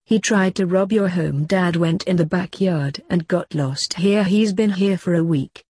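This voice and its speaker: A woman's voice: on the low side, a little slow, a little mellow, slightly rough, no echo. A woman voicing a grim reaper reporting matter-of-factly.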